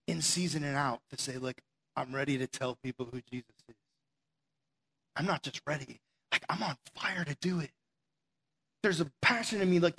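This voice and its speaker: A man preaching a sermon from a stage, energetic and conversational, full of rhetorical questions and the word "like". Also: on the high side. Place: stage before an audience.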